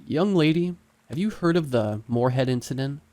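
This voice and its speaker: A man's voice: mid-range voice, lively intonation, moderate pace, warm tone, pitched above the performer's own voice, close to an everyday voice. Man as a stern, skeptical middle-aged cop, dry and unconvinced. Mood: doubtful. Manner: doubtful, stern. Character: skeptical middle-aged male police officer.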